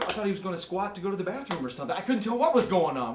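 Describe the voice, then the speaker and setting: Midwestern man ranting about movies for laughs, highish voice, roomy sound. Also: racing, hardly any pauses, slight background noise. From American Midwest. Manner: joking, excitable, jumps into mocking voices. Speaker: amateur movie critic. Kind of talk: comic movie review rant.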